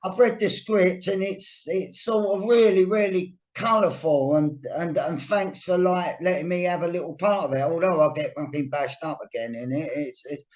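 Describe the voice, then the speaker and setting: A man hosts a relaxed podcast chat, his voice a bit higher than most men's. He swears casually and circles around his point, pausing to find the words. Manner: loose, sweary and hesitant, searching for words. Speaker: podcast host.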